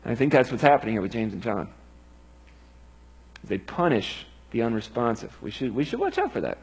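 A man's voice: medium pitch, wildly swooping pitch, fairly quick, husky, low-quality recording. A man preaching a sermon in an earnest, emphatic way.

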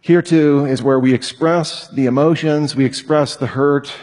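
A man teaching a weekly Bible class in a lively, animated way, acting out example lines. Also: on the high side, unhurried, in a large hall. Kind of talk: sermon-style teaching talk.

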